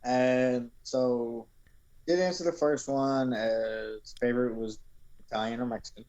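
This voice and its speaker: Male guest, mid-pitched voice, relaxed, short replies. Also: measured pace, highs cut off. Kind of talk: casual live-stream chat.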